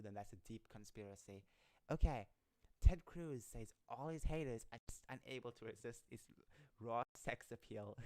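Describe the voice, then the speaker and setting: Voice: mid-range voice, dark tone. A live streamer chatting casually and reading satire articles aloud, often stumbling over words and laughing.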